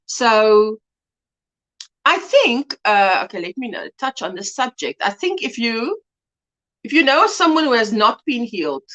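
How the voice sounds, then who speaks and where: Middle-aged woman hosting a home livestream, from South Africa, bubbly, high voice with big swings. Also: very animated, unhurried, a bit bright. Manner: chatty, greets viewers by name, laughs often. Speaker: livestream host. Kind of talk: casual livestream chat.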